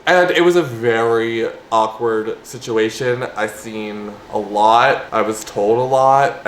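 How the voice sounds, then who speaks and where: A man's voice: mid-range voice, fairly bright tone. Chatty young man telling a story. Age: young adult. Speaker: vlogger. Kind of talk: storytime vlog. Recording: echoey room, faint ambience.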